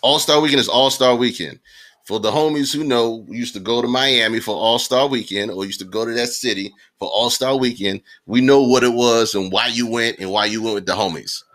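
A man co-hosting a casual podcast, talking in an emphatic, animated way and repeating phrases for effect. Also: mid-range voice, a little fast. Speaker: podcast co-host.

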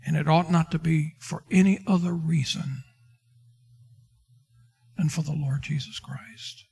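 High-voiced man preaching a sermon. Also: a little slow, creaky, darkish tone, husky, soft background music. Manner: preaching with King James quotes and dramatic retellings. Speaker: pastor.

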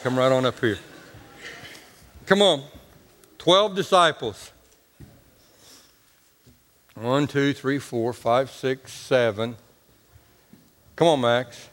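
A man's voice: medium pitch, in a large hall. A man preaching a sermon in a homespun, colloquial way, telling stories and talking to the congregation. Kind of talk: folksy storytelling sermon.

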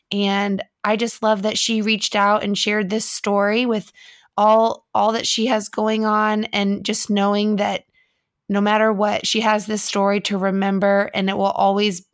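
A woman's voice: mid-range voice, no echo, clean studio sound. A woman in her thirties co-hosting a casual chat show, telling stories in a chatty, heartfelt way. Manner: chatty, emotional storyteller. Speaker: co-host.

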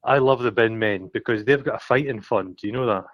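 A man from Scotland with a Scottish accent, ill and out of breath, chatting excitably and swearing freely as a podcast co-host on a phone call. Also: mid-range voice, fairly quick, no room sound. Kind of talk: casual chat on a phone call.

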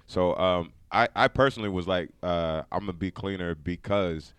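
A man chatting casually as a comedian guest, relaxed, with many fillers, saying "bro". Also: low-pitched, normal speed, clear, resonant tone, no echo. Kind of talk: casual chat. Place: comedy club.

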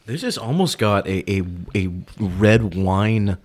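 A man's voice: fairly low pitch, lively intonation, takes it slowly. A man in casual podcast chat, describing the taste of a beer thoughtfully. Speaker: podcast co-host.

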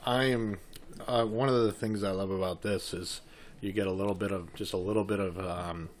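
A man's voice: sits low, fairly even intonation, normal speed, a little hiss or hum. A man in a casual chat, playful and enthusiastic.

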